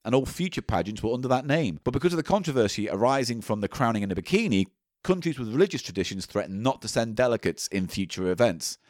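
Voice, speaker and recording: A man's voice: medium pitch, lively intonation, fast talker, no echo. Man, dry close podcast voice. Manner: reads out facts loosely, cheeky asides. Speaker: podcast co-host. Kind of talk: casual comedy podcast chat.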